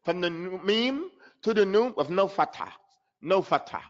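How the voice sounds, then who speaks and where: A man teaching Quran pronunciation in an online class, slowly demonstrating sounds and repeating syllables for his students. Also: sits high, animated, muffled recording. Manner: chuckles at his own trick questions.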